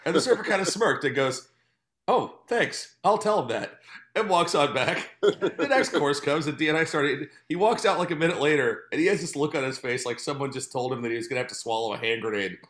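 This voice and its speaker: A man's voice: a little high, fast, fairly bright tone. A man telling a funny story in casual chat, laughing often as he talks. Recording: echoey room.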